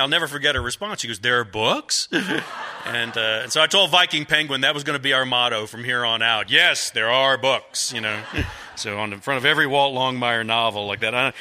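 A man's voice: mid-range voice, bright, forceful tone. A middle-aged man, an author, telling a rambling, self-mocking story to a live audience in a folksy, casual way. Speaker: author speaking to a bookstore audience.

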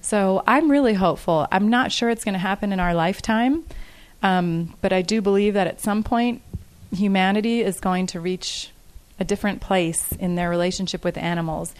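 A woman's voice: medium pitch, moderate pace. A woman speaking casually and earnestly to an audience, repeating each question aloud before she answers it.

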